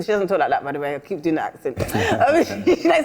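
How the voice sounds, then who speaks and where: Fast-talking British woman, chatty. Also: medium pitch, sing-song, a little mellow, big-room sound. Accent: British English. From England. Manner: chatty, often asks "do you know what I mean". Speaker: guest singer-songwriter. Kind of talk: casual interview chat.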